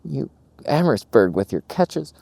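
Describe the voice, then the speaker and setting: A man's voice: medium pitch, big pitch swings, a little slow, vocal fry, darkish tone. A man vlogging casually while walking outdoors, rambling through wry, jokey stories. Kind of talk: casual vlog chat. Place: walking outdoors in a small town.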